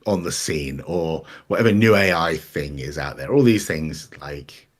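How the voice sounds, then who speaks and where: A man, chatting casually as a podcast guest, relaxed and self-deprecating. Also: extremely low pitch, a little slow. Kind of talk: casual chat.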